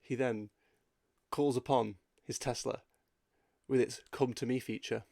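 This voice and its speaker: A man's voice: mid-range voice, steady tone, a little slow, creaky, dark tone, no room sound, studio quality. A man co-hosting a casual podcast chat, telling playful made-up scenes. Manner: spins playful storytelling scenes. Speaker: podcast co-host.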